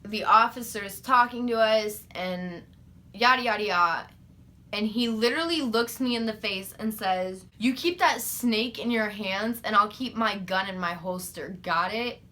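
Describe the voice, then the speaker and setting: A young woman vlogger telling a story in a casual, animated, profane and sarcastic way. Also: mid-range voice, a little slow.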